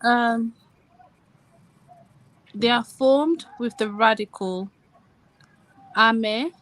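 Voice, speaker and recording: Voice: medium pitch, extremely slow, fairly bright tone, no echo, poor audio. A student in an online language class, reading out sentences carefully and hesitantly.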